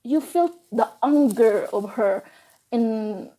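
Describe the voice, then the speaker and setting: Slow, mellow-voiced woman telling a story. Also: on the high side, poor audio. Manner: halting, emotional, restarts often. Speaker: vlogger. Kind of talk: personal storytelling.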